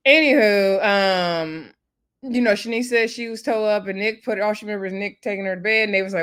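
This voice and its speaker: Brief: woman vlogger, mid-pitch voice, loose chatty recap, animated and gossipy. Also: a little fast, clean tone. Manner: animated, gossipy, laughs often.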